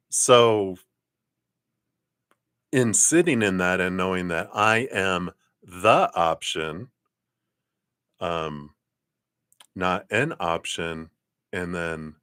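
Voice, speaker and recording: A man giving a live tarot card reading, lively and chatty, often clearing his throat and acting out other people's lines. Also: no room sound, clean studio sound. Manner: animated, acts out other people's lines in high voices.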